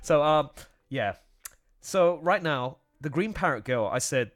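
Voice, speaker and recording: A man hosting a casual livestream as its video editor, animated and laughing often, with quick restarts. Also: mid-range voice.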